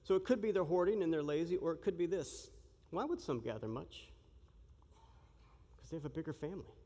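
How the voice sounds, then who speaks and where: A man with a fairly high voice preaches with lively energy, cracking jokes and acting out the shouting crowd. The long reverb of a large hall rings behind every phrase. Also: fairly quick, husky. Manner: animated, joking, acts out the crowd's shouting. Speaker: pastor. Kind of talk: sermon.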